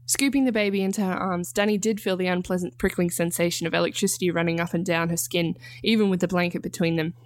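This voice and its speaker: A woman, the author, reading her own story aloud in calm, measured narration. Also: on the low side, dry recording. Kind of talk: scripted narration.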